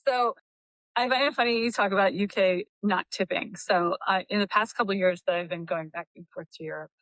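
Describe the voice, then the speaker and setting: A middle-aged woman co-hosting a podcast, explaining her view in a measured casual chat. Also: mid-range voice, a bit bright, no room sound, low-quality recording. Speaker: podcast co-host.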